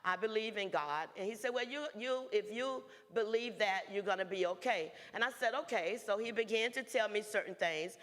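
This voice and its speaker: A woman's voice: medium pitch, normal speed, hardly any pauses, a bit bright. A woman, earnestly telling a personal story to an audience and acting out the conversations in it. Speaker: guest speaker. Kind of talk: personal testimony. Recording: reverberant hall.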